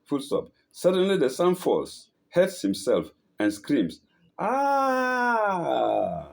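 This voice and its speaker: A man hosting a show, reading inspirational pieces aloud slowly, repeating phrases, calling out punctuation and adding delighted asides. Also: medium pitch, very animated, darkish tone. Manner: delighted asides, chuckles at the text.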